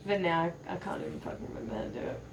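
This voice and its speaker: A woman's voice: low voice, animated, very fast, vocal fry, a little hiss or hum. A young woman chatting casually, giggly and swearing freely. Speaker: carer. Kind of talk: casual chat. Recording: echoey room.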